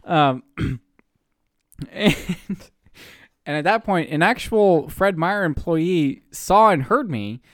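A man's voice: fairly high pitch, expressive, slow pace, no room sound, studio quality. A young man from the Pacific Northwest, co-hosting a podcast, telling a story in a casual way, laughing often and swearing freely. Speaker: podcast co-host.

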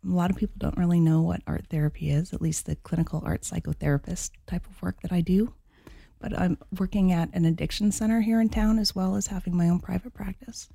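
A woman guesting on a podcast with a lowish, mellow, warm voice. She talks in an easy, chatty way. The sound is dry and close-miked. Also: steady tone, fast, creaky, no room sound. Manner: chatty, easygoing, laughs readily. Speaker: art therapist guest. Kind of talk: casual podcast interview. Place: Las Vegas.

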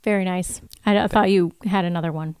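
Woman podcast co-host, mid pitch, smooth clear tone, dry close sound, chatty recap delivery. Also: steady tone, darkish tone, no echo. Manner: recaps scenes with quick acted-out quotes, laughs often. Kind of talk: casual chat, reading episode recap.

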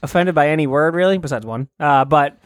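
A man joking crudely and deadpan in casual comedy podcast banter. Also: on the high side, brisk, no echo, clean studio sound. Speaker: podcast co-host.

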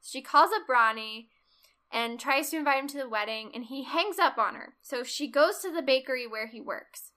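A woman co-hosting a casual chat, retelling a film's plot in animated detail and acting out the characters' lines. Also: high voice, moderate pace. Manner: animated storyteller, acts out quotes, laughs often. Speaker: podcast co-host. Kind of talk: casual film recap chat.

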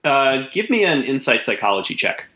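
A man narrating as game master of a tabletop role-playing game, halting and full of fillers. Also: medium pitch, sing-song, sharp tone, roomy sound, low-quality recording.

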